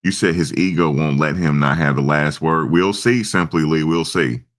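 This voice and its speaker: A man's voice: rumbling low, normal speed. A man hosting a casual live stream, rambling and answering viewers' comments. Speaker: livestream host.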